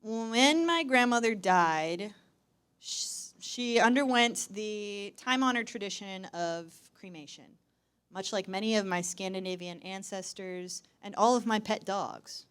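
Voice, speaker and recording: A woman's voice: mid-range voice, a little slow, a bit bright, clean tone. A young woman performing wry, self-deprecating stand-up storytelling on a university stage. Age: young adult. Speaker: student performer.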